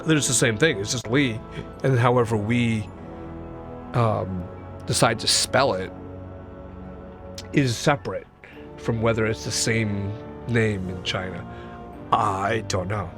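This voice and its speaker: A man's voice: lowish voice, slow pace, long pauses, over music. A man streaming a video game, chatting casually and rambling with many restarts. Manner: rambling, self-correcting, jokey. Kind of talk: casual gaming chat.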